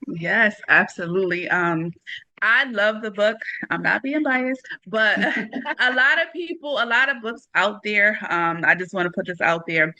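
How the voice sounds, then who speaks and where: A woman guest on an interview podcast talks with a bright, clear tone. She is animated and casual, using slang and laughing easily through her stories. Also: mid-range voice, measured pace, poor audio. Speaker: author guest.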